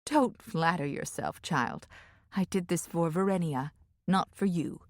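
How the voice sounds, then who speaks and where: A woman's voice: normal speed, no room sound, clean studio sound, natural voice. A woman voicing a poised, throaty older noblewoman. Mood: hushed. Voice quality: low throaty laugh, soft regional lilt.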